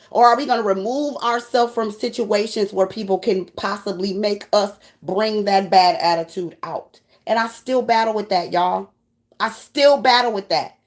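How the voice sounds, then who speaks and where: High-voiced woman preaching bluntly. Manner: blunt, profane, preachy and animated. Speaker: tarot reader. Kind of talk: spiritual pep talk to viewers.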